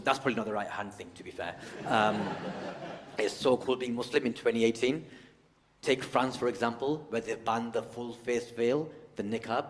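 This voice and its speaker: A man from the UK doing a stand-up routine, animated, often breaking into high-pitched shouted rants. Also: measured pace, pauses often, in a large hall, a little hiss or hum. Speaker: stand-up comedian.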